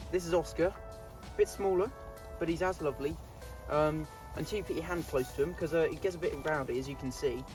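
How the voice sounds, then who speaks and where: A man chatting casually to camera outdoors in a goat pen, laughing often and scolding his animals. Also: fairly high pitch. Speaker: vlogger. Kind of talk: casual vlog talk.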